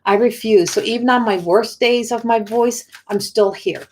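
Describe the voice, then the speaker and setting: A woman spiritual coach chats to viewers on a live stream in an ordinary conversational register. Her delivery is earnest and encouraging, but halting, and she often repeats words and restarts her sentences before finishing a thought. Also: a little high. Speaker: spiritual coach and oracle card reader.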